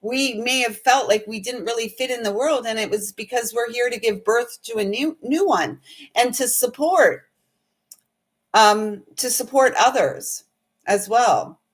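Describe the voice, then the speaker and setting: A woman's voice: a little high, measured pace, breathy edge. A woman hosting a casual spiritual livestream, chatting and rambling while reading viewer comments aloud. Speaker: spiritual host and intuitive reader.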